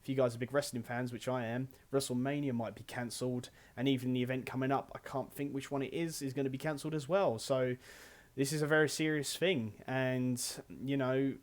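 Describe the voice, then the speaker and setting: Male podcast host, young, chatty and rambling, average pitch. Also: steady tone, fairly quick. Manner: upbeat, rambling with fillers. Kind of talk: casual podcast chat.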